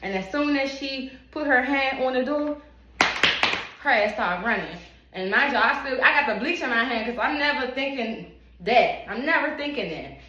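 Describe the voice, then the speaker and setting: A woman's voice: high-pitched, normal speed. Profane storytelling woman in an echoey room. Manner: animated, profane, emphatic storytelling. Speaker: hairstylist. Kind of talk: casual storytime to camera. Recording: echoey room with steady background noise.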